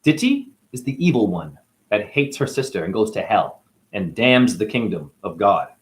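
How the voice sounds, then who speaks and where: A man's voice: on the low side, sing-song, normal speed. A man acting as a spiritual teacher, talking through a rambling monologue with free-associating wordplay and musing asides.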